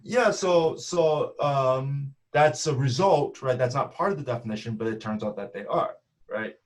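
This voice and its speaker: A man's voice: mid-range voice, moderate pace. A man giving a math seminar talk over a video call, explaining step by step and often checking in with "right?". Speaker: math speaker.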